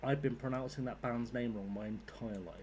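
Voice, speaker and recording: A man's voice: medium pitch, fairly even intonation, fairly quick, darkish tone, slight background noise. A man giving casual, rambling commentary while playing a game, swearing freely. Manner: rambling, sweary, chatty asides. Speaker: gaming YouTuber.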